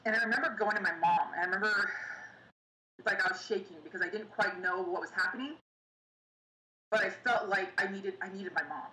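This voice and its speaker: A young woman telling her own painful story in an interview, halting and pausing often. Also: mid-range voice, pushed and bright, a little hiss or hum. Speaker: interview guest. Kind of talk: personal storytelling. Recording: echoey room with faint ambience.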